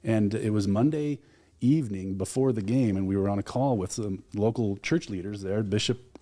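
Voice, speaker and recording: A man's voice: fairly low pitch, normal speed, dark tone. A man being interviewed as an alumni relations director, earnestly retelling events with quoted dialogue. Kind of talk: radio interview guest.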